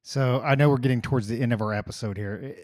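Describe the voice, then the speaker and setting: A man co-hosting a casual podcast, asking measured, unhurried questions. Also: medium pitch, a little mellow, dry recording, clean studio sound. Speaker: podcast co-host.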